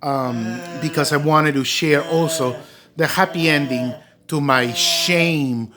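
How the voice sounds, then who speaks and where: Over crowd noise, a man speaks slowly in a slightly high voice as he vlogs to his phone. He's a doll collector sharing a personal story, earnest and meandering, leaning heavily on fillers like "um" and "you know."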